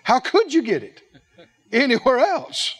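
A man delivers a sermon in a high, swooping voice. He takes his time, stretching out key words and throwing questions to his listeners, sometimes acting out small dialogues. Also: sing-song. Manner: emphatic, drawn-out phrasing with questions to the audience; plays out little acted dialogues. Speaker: preacher. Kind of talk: sermon to a responding congregation.

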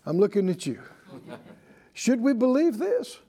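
A man's voice: extremely high pitch, sing-song, a little slow, mellow, breathy edge. A man preaching a sermon to a congregation, emphatic and leading them in call-and-response. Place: church service with congregation.

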